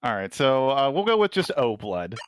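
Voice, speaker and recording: A man presenting his game run on a stream, talking in relaxed casual chat and directing the others. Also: medium pitch, moderate pace, slight background noise.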